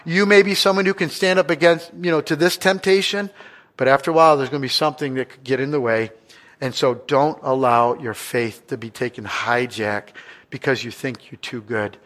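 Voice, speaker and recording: A man preaching a sermon as pastor. He asks the congregation questions and swings between loud stretches and hushed ones. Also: medium pitch.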